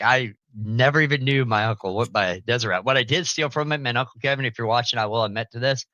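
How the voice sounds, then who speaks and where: A young man tells rambling family stories in a podcast chat, with a bright, forceful tone and a voice that sits a little low. He laughs often and leaps into loud, high-pitched voices when he quotes people. The sound is dry and close. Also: no echo, lo-fi sound. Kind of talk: casual storytelling.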